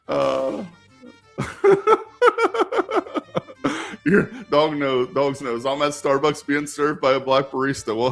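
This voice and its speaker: A man hosting a casual live stream Q&A, rambling with lots of fillers and restarts as he answers viewer questions. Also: medium pitch.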